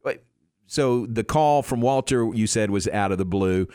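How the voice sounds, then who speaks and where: An older man hosts a relaxed interview from a radio studio. His voice sits a bit low, and the sound is close and dry with no room echo. He is friendly and laughs easily. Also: moderate pace, smooth. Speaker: radio show host.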